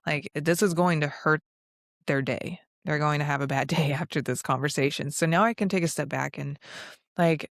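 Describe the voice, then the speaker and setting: A young woman co-hosts a casual podcast chat, speaking directly and reflectively and laughing easily. Her voice is deep and gravelly with a steady tone at normal speed. The recording is dry, with clean studio sound.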